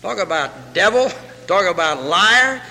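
A man's voice: high-pitched, expressive, unhurried, bright, forceful tone. A man preaching a sermon with fervor, repeating phrases and quoting scripture in old English. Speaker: pastor. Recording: reverberant hall.

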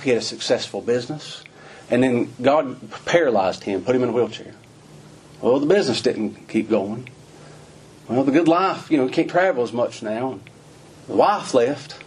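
Husky pastor preaching, folksy, fires off questions at the folks. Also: male voice, medium pitch. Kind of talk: sermon.

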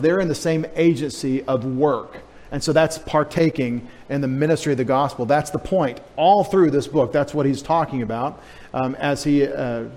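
A man's voice: fairly high pitch, a little mellow, long reverb tail. A male pastor teaching a sermon in a casual, joking way, spelling out Greek words for the congregation. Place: church sanctuary.

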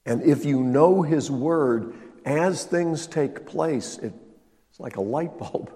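A man preaching a sermon as pastor, emphatic and swinging between loud stresses and quiet asides. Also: on the high side, takes it slowly. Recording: long reverb of a large hall.

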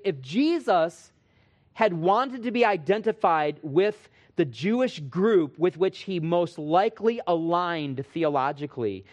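A man preaching a sermon as pastor, earnest, swinging between emphatic rising lines and quiet asides to his congregation. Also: sits high.

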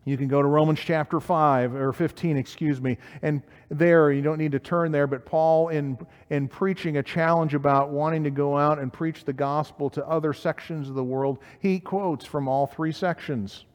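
A man's voice: a little high, fairly even intonation, moderate pace, few pauses, in a large hall. A man preaching a sermon, reading scripture aloud and putting questions to his listeners. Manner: reads scripture aloud in King James wording, asks questions of listeners.

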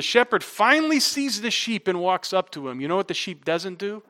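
A middle-aged man preaching a sermon as pastor, animated and conversational, rising loud for emphasis with casual asides. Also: sits high, moderate pace, hardly any pauses.

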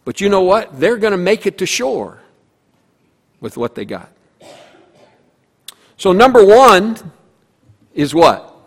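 A man's voice: high voice, sing-song, takes it slowly, long pauses. A man preaching a sermon as pastor, telling a story with voiced characters and emphatic repetition. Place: church sanctuary. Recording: long reverb of a church hall.

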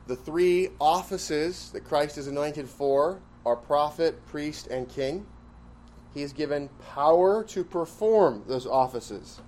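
A man leads a classroom Bible lesson in a somewhat high voice. He drives points home by repeating key phrases and turns to the class with questions. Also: a little mellow, slight background noise. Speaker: Bible study teacher.

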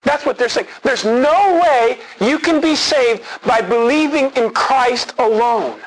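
A man's voice: very high voice, animated, slow, low-quality recording. A man preaching an expository sermon, earnest and emphatic, repeating key words for stress.

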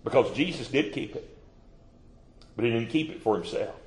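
A man preaching a sermon, moving from hushed, quiet asides to loud, stretched-out proclamations. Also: medium pitch, roomy sound. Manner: swings between hushed asides and rising, drawn-out proclamation.

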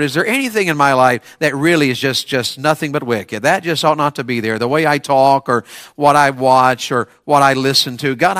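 A male preacher delivering a revival sermon, telling folksy stories with restarts and repeated questions that build to high shouted climaxes. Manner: folksy Southern storytelling with restarts.

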